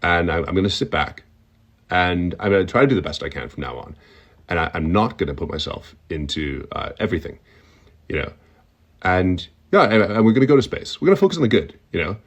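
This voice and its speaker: A man's voice: low-pitched, animated, a little fast, husky, exaggerated voice. A man doing a stammering tech-mogul with whistling S's. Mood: earnest. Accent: sibilant front-of-mouth accent, slightly whistling S. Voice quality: heavy unpredictable stutter, repeated words. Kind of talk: comic impression.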